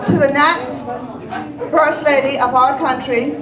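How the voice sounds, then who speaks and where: A middle-aged woman with a high voice delivers an earnest, proud prepared speech. She is heard from a distance in an echoey hall with a crowd around. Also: fairly even intonation, a little slow. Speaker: candidate's mother giving a speech.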